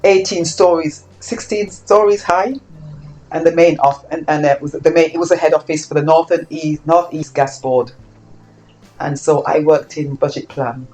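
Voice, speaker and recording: An older woman from Saint Kitts, interviewed about her life, speaking reflectively and growing animated as she acts out old exchanges. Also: low voice, normal speed, rough recording. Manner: reflective, animated when acting out quoted exchanges. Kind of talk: oral history interview.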